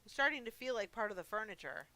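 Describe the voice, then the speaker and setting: A woman with a fairly high, animated, fast and sharp-toned voice plays a lonely, forgetful old male monster in a horror game. He's chatty, rambles, mocks himself and talks to himself. The recording is dry and low quality.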